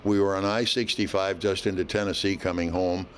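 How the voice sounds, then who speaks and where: An older man, a veteran hockey announcer, telling stories in an interview in a folksy, unhurried way with frequent fillers. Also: low voice, steady tone, slight background noise. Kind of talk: relaxed interview storytelling.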